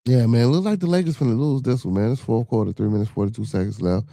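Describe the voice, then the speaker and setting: A man's voice: mid-range voice, expressive, quick pace, mellow, no room sound. A man with a Chicago accent hosting a podcast live stream, chatting loosely with viewers, swearing freely and filling his talk with "you know what I'm saying.". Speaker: podcast host. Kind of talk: casual live-stream chat.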